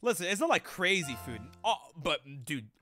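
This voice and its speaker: A man's voice: high voice, very animated, normal speed, sharp tone, soft background music. A young man streaming live, chatting loosely with chat in rambling, profane slang.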